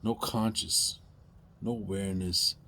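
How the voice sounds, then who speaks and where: A man speaking directly to viewers in an impassioned, emphatic monologue, pleading at times and rising to loud outbursts. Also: fairly low pitch, fairly even intonation, unhurried, a little hiss or hum. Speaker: video commentator.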